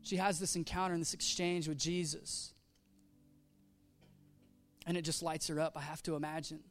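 A man's voice: a little high, level tone, normal speed, soft background music. A man preaching a sermon, telling a story with casual slang and acting out the quoted voices. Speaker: pastor.

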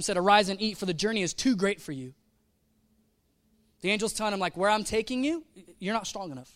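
A man preaching a sermon in a casual, animated way, full of slang and acted-out asides. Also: high-pitched, smooth. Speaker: pastor.

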